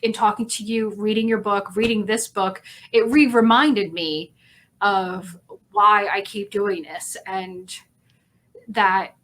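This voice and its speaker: A woman hosting a casual interview over a video call, effusive and heartfelt, rambling warmly with lots of fillers. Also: mid-range voice, fairly even intonation, slow pace. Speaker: host. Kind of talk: emotional casual interview chat.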